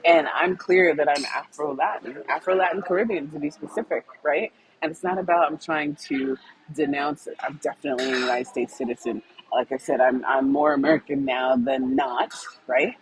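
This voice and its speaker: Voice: medium pitch, normal speed, poor audio. A co-host telling a story in casual conversation, chatty, laughing often and acting out dialogue.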